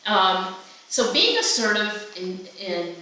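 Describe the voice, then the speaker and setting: A woman presenting a workshop in a chatty, animated way, often restarting her sentences. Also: mid-range voice, slow. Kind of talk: conversational seminar talk. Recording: echoey room from a distance with faint noise.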